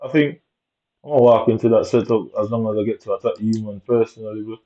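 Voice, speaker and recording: A man mutters and rants in heavy while commentating his own gameplay. His voice is mellow and dark, and he sounds aggrieved throughout. The recording is dull and lo-fi. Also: lowish voice, fairly even intonation, quick pace.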